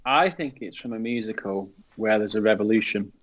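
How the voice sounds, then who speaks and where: A man's voice: lowish voice, brisk. A chatty man, guessing answers in a casual quiz. He talks easily and calls people mate. His voice comes through dull and lo-fi. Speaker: quiz contestant. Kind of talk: casual chat. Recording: dull lo-fi sound.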